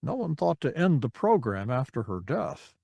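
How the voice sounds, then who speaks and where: A man's voice: mid-range voice, sing-song, normal speed, vocal fry, warm tone, slightly rough, no room sound, full character voice. A man voicing a formal ship communications officer in an audiobook, dutiful and clipped. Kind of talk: audiobook character reading.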